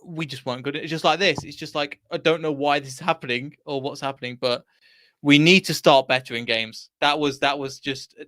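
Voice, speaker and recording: A man hosts a fan reaction stream from home in a voice pitched a bit high. He rambles and vents his frustration. The sound is dry and close, with no room echo. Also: fairly even intonation, fairly quick, bright, forceful tone. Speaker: fan channel host. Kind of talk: post-match fan reaction livestream.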